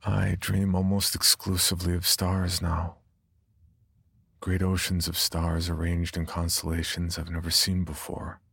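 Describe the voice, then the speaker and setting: A man narrating a first-person horror story in a subdued, brooding way, with a husky, gravelly voice. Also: low-pitched, monotone, unhurried, a bit bright, no echo, clean studio sound.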